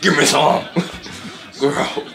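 A man giving sassy, animated reaction commentary on fight highlights, full of exclamations and sudden squealed outbursts. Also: extremely slow, echoey room, soft background music. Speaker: reaction video host.

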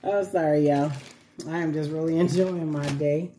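Chatty lady talking to her viewers, low mellow voice, echoey room with faint hum behind. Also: steady tone, normal speed. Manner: chatty, repeats herself, laughs often. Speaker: vlogger caring for baby dolls. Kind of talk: casual chat to camera.

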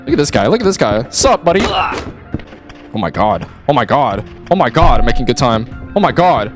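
A man doing excitable let's play commentary at his gaming setup, trash-talking game characters and yelling when startled. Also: medium pitch, normal speed, over music. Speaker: gaming YouTuber.

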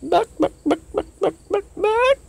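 Woman putting on greedy hens, high shrill squawks, wild swooping pitch. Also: lively intonation, a little slow, gravelly, no room sound, exaggerated voice. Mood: greedy squawking. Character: greedy clamoring flock of hens.

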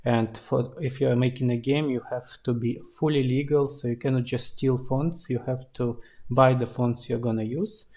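Relaxed man narrating a game-dev tutorial. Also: medium pitch, moderate pace, few pauses. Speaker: indie game developer. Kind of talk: screen-recorded tutorial narration.

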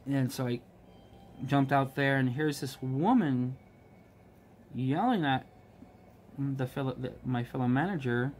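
A man of middle pitch tells a workplace story in an easy, rambling way. He fills his talk with ums and restarts and livens up when he quotes others. A faint hiss sits under the recording. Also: unhurried, pauses often, a little mellow. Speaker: vlogger, restaurant manager. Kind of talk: casual storytelling while crafting.

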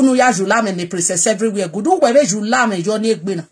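A husky-voiced woman from Edo State with a Nigerian accent speaks straight to camera in a live video rant. She moves between Pidgin and her Edo dialect, and her tone is bold and challenging throughout. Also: mid-range voice, fast talker, a little mellow. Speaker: vlogger.

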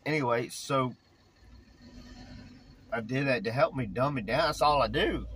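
A man with a Southern drawl vlogging casually, rambling in a folksy, animated way. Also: medium pitch, unhurried, slight background noise. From Virginia. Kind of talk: casual chat, vlogging while driving.

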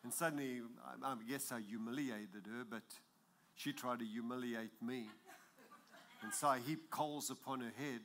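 A man's voice: mid-range voice, normal speed, a bit bright, a little hiss or hum. A man preaching a sermon as pastor, with an accent, emphatic and building in intensity, chuckling at his own jokes.

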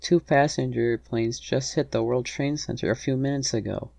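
A man's voice: mid-range voice, normal speed, gravelly, darkish tone, no room sound, voice pushed up, close to an everyday voice. A man voicing a frightened adult woman on the phone, asking anxious, confused questions. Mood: alarmed.

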